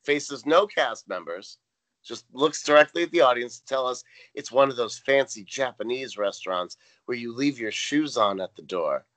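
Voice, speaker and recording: A man with a mid-pitched, bright voice co-hosts a casual podcast. He recaps scenes with dry, wry commentary. He slips into short quoted lines along the way. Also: lively intonation, normal speed. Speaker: podcast co-host.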